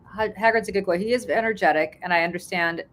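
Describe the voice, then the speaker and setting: A woman hosting a morning show over a video call, telling a story in lively casual chat and swearing freely. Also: fairly low pitch, fast talker. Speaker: host.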